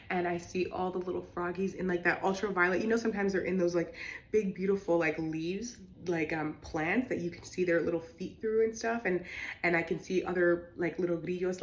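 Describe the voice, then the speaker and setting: A young woman, bilingual in English and Spanish, shares a personal story in a loose, conversational way. Her voice sits a little low for a woman, and she leans on "like" and filler words, getting animated when she gets excited. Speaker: vlogger recounting her experience. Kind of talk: casual storytelling.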